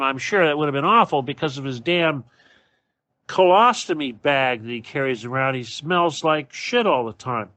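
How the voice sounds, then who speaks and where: A man's voice: fairly high pitch, fairly bright tone, no echo. Profane, angry man ranting, dry sound. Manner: sarcastic, mocking. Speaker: show host. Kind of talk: solo political rant.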